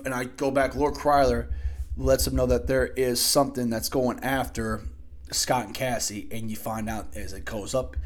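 Rambling, swearing man reviewing a movie. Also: medium pitch. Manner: rambling, profane, frequent restarts. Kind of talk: casual spoken film review. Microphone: desk microphone.

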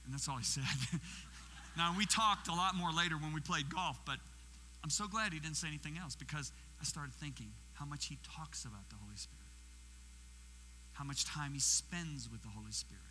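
A man's voice: a little high, moderate pace, bright, forceful tone. A man in his sixties, a guest preacher giving a sermon, telling stories, acting out what people said and putting questions to the audience. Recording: reverberant hall with faint mains hum.

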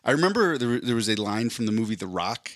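Man, mid-pitched, dry close sound; loose, rambling co-host telling self-mocking stories. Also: very animated, fast, a bit bright, no echo. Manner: rambling, self-deprecating storytelling. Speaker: podcast co-host. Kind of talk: casual chat.

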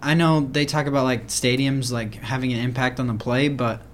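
Relaxed man chatting on a podcast. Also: mid-range voice, a little fast. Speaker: podcast co-host. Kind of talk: casual chat. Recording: faint background noise.

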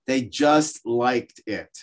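A man with a mid-range voice gives a religious lesson over a video call. He explains through stories and lively asides. He often breaks into quoted voices for the people in them. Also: mid-range voice, very slow. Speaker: rabbi teaching a class. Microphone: video call microphone.

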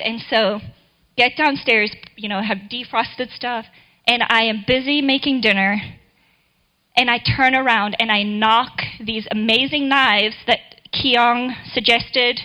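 A woman's voice: high-pitched, pushed and bright, low-quality recording. A middle-aged woman giving a church talk, telling a personal story in a chatty way before reading scripture.

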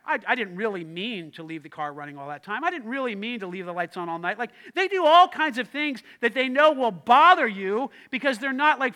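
A man, the lead pastor, preaching a lively sermon, acting out quoted voices and shouting in bursts. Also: high voice.

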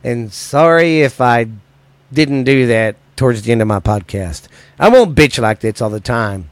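A man hosting a podcast, ranting in a profane, agitated way that swings between loud and quiet. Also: mid-range voice, lively intonation, a little slow, no echo. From United States. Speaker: podcast host. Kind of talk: angry solo podcast rant.

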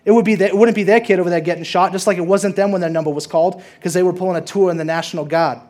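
A man's voice: sits high, steady tone, rapid-fire, a little mellow, lightly acted. A man reading a movie monologue aloud, voicing a brilliant, bitter young working-class man in a long sarcastic rant. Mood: sardonic.

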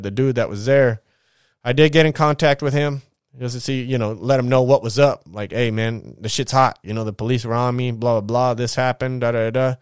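A man's voice: mid-range voice, clean tone, no echo, studio quality. A young man bluntly telling his life story in casual, profane talk, full of restarts.

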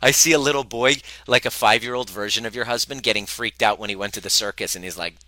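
Guy coaching a live workshop, low voice but really sharp and edgy, swears a lot, acts out voices, talks right to the crowd. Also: quick pace, no echo, poor audio. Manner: animated and profane, acting out quoted voices; speaks directly to the audience. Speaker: relationship coach.

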